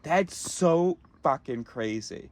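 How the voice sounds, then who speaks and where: A man's voice: fairly high pitch, lively intonation, takes it slowly, darkish tone. A man ranting in a profane, exasperated monologue, recorded in a car. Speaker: vlogger.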